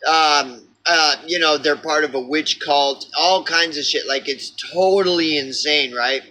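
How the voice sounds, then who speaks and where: A man's voice: on the high side, unhurried, bright, forceful tone, a little hiss or hum, rough recording. Exasperated Oklahoma man ranting. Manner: exasperated, profane, full of fillers and restarts. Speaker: vlogger. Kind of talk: rambling personal rant.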